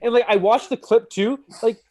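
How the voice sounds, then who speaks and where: A young man co-hosting a casual podcast, blunt and quick to laugh. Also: very high voice, steady tone, warm tone. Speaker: podcast co-host. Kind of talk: casual chat.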